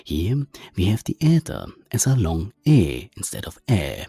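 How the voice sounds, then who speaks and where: Slow, gravelly deep-voiced man teaching. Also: huge pitch swings, dark tone, no room sound. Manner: methodical, spells out letters and sounds. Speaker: language teacher. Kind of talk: explanatory lesson.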